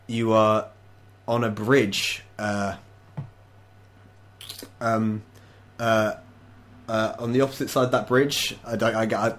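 A young man narrating as game master, halting with many fillers and laughing often. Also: fairly low pitch.

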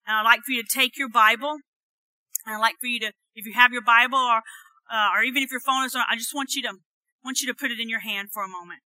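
A woman preaching a sermon at a church service. She repeats phrases for emphasis and swings from hushed, soft lines to loud, emphatic preaching. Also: fairly high pitch, fairly even intonation, quick pace, no echo.

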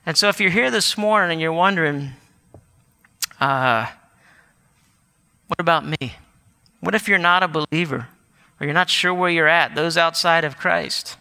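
Male pastor, high voice, sermon, earnest, long reverb in a church. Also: normal speed, gravelly, pauses often, sharp tone, smooth. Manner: earnest, with self-corrections and restarts. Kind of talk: sermon and closing prayer.

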